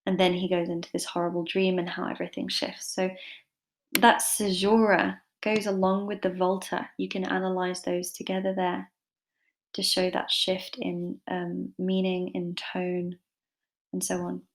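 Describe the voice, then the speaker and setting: A woman tutors English literature in a relaxed, chatty way, sprinkling in fillers and self-deprecating asides. Her voice sits fairly low and stays flat, with little rise and fall. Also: unhurried. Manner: chatty and informal, with many fillers. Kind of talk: casual online lesson.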